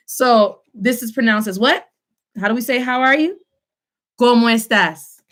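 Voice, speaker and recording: A woman in her thirties teaching a lively online Spanish lesson from home, switching between English and Spanish. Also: on the low side, normal speed. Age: 30s.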